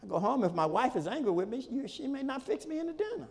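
A male pastor preaching a sermon in a folksy, repetitive style, with shouted peaks and laughter between points. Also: very high-pitched, big pitch swings, fast talker, creaky, in a large hall. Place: church sanctuary.

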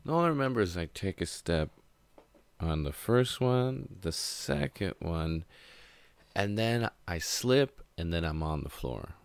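Young male vlogger, very deep voice, dry sound, swears casually while rambling. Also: very animated, unhurried, gravelly, clean tone, dry recording. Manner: casual, profane, laid-back rambling. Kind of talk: storytime monologue.

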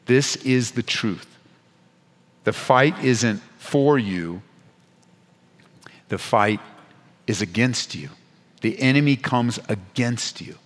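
A man preaching as a pastor at a Bible study, moving between hushed, intimate lines and loud, urgent exhortation, with playful asides. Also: medium pitch, takes it slowly, pauses often, long reverb tail. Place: church sanctuary.

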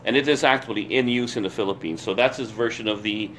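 A man's voice: lowish voice, quick pace, fairly bright tone, a little hiss or hum. A man hosting a casual chat, enthusiastically explaining bladed tools in detail. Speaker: host. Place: Florida.

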